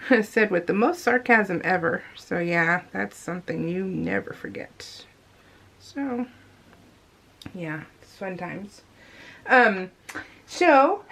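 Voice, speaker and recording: A woman's voice: mid-range voice, a bit bright. A grown woman chatting casually to viewers while she works on a scrapbooking project, rambling along and calling them you guys. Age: adult. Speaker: scrapbooking vlogger. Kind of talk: casual chat voiced over crafting.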